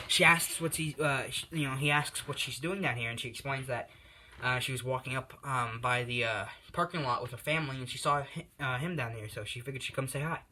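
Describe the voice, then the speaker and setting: A man's voice: mid-range voice, bright, forceful tone, slight background noise. A young man casually retelling a fan story, rambling with lots of fillers and restarts.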